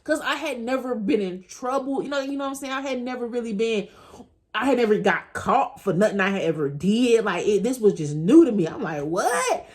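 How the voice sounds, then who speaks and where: With a slightly high voice and a brisk delivery, a woman in her thirties vlogs about something personal. She keeps it casual and chatty, frequently speaking straight to her viewers and laughing as she talks.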